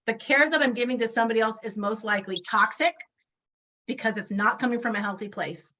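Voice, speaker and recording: Bright, emphatic woman speaker. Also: on the high side, a little fast. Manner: emphatic, rhetorical questions, frequent "right?". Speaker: guest speaker. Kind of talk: motivational talk on a video call. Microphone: video call.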